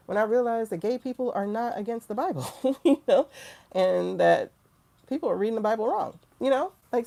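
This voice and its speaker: A woman's voice: lowish voice, vocal fry, dark tone. A woman hosting a spiritual livestream, telling a story in casual, candid talk, quoting herself and others with profane asides. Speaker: tarot livestream host.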